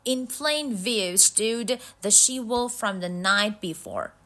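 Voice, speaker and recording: A woman narrating a storybook tale in a slow, measured, suspenseful way. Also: mid-range voice, animated, fairly bright tone.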